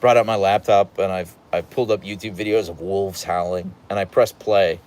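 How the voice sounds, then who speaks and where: A man's voice: sits low, fairly even intonation, moderate pace, darkish tone. A man hosting a casual livestream from home, reading out the chat and rambling playfully, slipping into voices when he retells stories.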